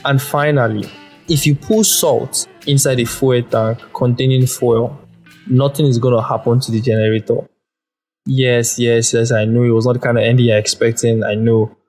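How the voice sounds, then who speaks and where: A man's voice: medium pitch, steady tone, normal speed, a little mellow, soft background music. A man hosting a casual solo podcast, rambling and chatty as he explains things and tells stories. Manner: rambling storyteller, chatty with fillers. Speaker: podcast host.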